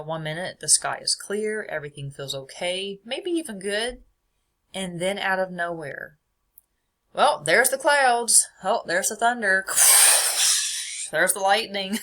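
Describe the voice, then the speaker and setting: A woman's voice: on the low side, a bit bright. A young adult woman hosting a casual faith podcast, reading from her notes in a chatty way and laughing often. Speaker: podcast host.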